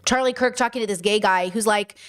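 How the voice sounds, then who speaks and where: A woman's voice: medium pitch, a little fast, a bit bright, smooth. A woman hosting a casual reaction podcast, blunt and profane, wandering into rambling asides. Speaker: podcast host reacting to news clips. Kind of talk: casual commentary.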